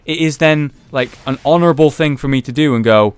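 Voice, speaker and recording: A young man giving casual commentary over his own gameplay, ranting with frustration, swearing freely and jumping to excited shouts. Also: a little high, a little fast, clear, resonant tone, no room sound. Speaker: gaming YouTuber commentating his own match.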